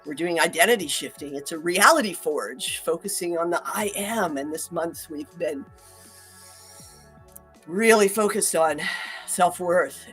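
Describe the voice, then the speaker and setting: A woman's voice: fairly low pitch, a little slow, a bit bright, breathy edge, soft background music. A woman hosting a casual talk, chatty and upbeat, laughing often and restarting her sentences. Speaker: host.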